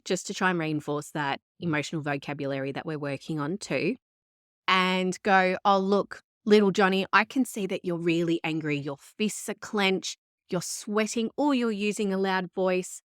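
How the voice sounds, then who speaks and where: Calm woman therapist explaining gently. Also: fairly low pitch, no echo, studio quality. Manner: calm, explanatory, quotes parents and children in the flow. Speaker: therapist and podcast host. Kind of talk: solo advice talk.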